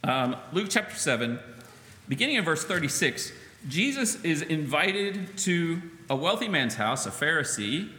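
Male pastor, animated conversational sermon, echoey sanctuary with long reverb. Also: fairly high pitch, a little slow. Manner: conversational, animated preaching with acted-out quotes. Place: church sanctuary. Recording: echoey church hall, faint ambience.

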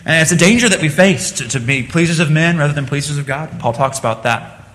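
A man's voice: fairly high pitch, quick pace, a bit bright. A man preaching a sermon in church, earnest and plain-spoken, with frequent restarts as he tells a story. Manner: earnest, rising and falling delivery with restarts. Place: church sanctuary. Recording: long reverb of a hall.

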